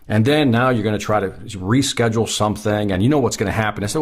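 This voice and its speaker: A man's voice: on the low side, fast, hardly any pauses. A man giving a sales training talk, emphatic, repeating key points and putting questions to the listener.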